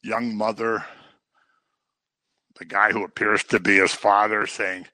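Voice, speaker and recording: A man's voice: on the low side, level tone, measured pace, sharp tone, no echo, low-quality recording. A man preaching a conversational sermon, full of joking asides and everyday stories.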